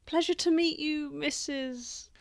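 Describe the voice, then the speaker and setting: A woman voicing a small, cheerful alien lady traveller who speaks brightly and politely. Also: high-pitched, takes it slowly, creaky, no room sound, studio quality, exaggerated voice.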